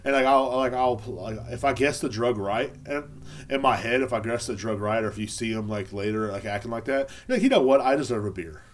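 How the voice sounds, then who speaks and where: A man hosting a casual beer podcast, telling a sarcastic, profane story with a lot of rambling. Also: brisk. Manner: lively pitch jumps when mimicking others. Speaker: podcast host.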